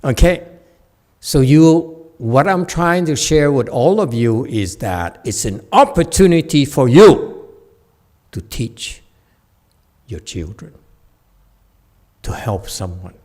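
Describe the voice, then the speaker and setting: A man's voice: medium pitch, very animated, takes it slowly, long pauses, a little mellow. A man giving a playful Buddhist dharma talk at a meditation center, laughing often and checking in with his listeners. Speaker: meditation teacher.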